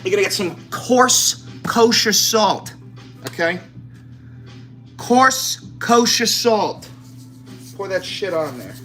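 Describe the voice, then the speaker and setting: Over background music, a home cook vlogger chats casually to camera while cooking in his home kitchen, swearing freely and joking in a brash, chatty manner. His voice is high and sing-song, a little slow, bright and forceful.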